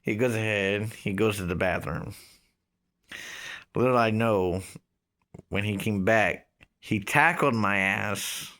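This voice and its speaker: A man's voice: lowish voice, takes it slowly, pauses often, a bit bright. A man in his thirties casually telling a story, rambling with lots of fillers and swearing. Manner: rambling, profane, filler-heavy. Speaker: vlogger.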